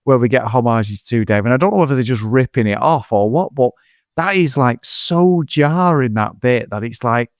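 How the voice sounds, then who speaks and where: A man's voice: mid-range voice, moderate pace, no room sound, clean studio sound. A man, a podcast co-host chatting casually about a film, swearing and acting out scenes. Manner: swearing, animated, acts out scenes in quotes. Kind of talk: casual film review chat.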